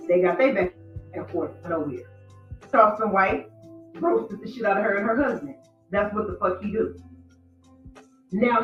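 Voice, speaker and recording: Profane, blunt woman telling a story. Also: mid-range voice. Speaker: commentary show host. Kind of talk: casual commentary monologue. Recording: roomy, distant mic, dull sound, faint music.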